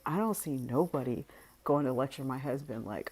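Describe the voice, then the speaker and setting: A woman with a notably deep, low-pitched voice talks straight to her viewers in a casual monologue. She is frank and unhurried, often laughing and letting sentences trail off. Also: animated, a little mellow, breathy edge. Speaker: vlogger.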